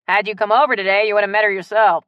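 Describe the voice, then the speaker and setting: A woman's voice: mid-range voice, fairly even intonation, racing, clean tone, no echo, dull audio, lightly acted. A woman voicing a blunt, skeptical older woman with a scoffing manner.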